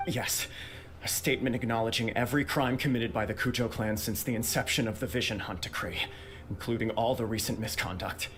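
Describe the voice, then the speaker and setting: An actor playing a calm, earnest young male clan heir who speaks in a steady way. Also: mid-range voice, brisk, a little hiss or hum, close to an everyday voice.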